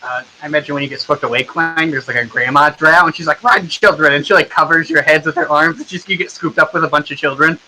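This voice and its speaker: A young man narrating a tabletop game as its game master. His voice sits a little high and sounds very bright and cutting, and he narrates loosely, filling gaps with ums and likes. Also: steady tone, quick pace, hardly any pauses, a little hiss or hum, rough recording. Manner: easygoing, many ums and likes.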